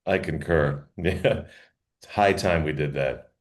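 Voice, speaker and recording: A man's voice: a bass voice, slow. A man co-hosting a comedy podcast, reading a draft email aloud in casual chat and laughing often between lines. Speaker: podcast co-host.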